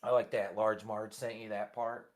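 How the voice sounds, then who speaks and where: A man's voice: fairly low pitch, flat delivery, moderate pace. A man chatting casually on a stream in slangy talk, calling his friends bro. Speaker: stream guest. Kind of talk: casual chat.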